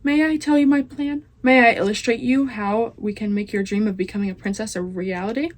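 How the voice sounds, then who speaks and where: A teenage girl reading aloud, voicing a smooth-talking, overly polite male rat villain in a storybook. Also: medium pitch, fairly quick, natural voice. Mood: smooth, scheming. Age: teens. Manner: silky, overly polite and formal.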